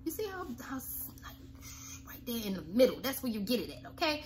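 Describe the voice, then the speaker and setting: A woman's voice: a little high, sing-song, brisk, a little hiss or hum. A woman who owns a cleaning business, giving blunt, sassy, folksy coaching tips to camera.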